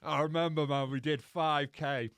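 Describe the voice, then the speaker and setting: Young guy, lively storyteller, slightly high voice, dry close sound. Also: normal speed, clean tone, no room sound. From England. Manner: animated storyteller, swears freely, acts out quotes. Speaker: guest telling his story. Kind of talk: casual podcast chat.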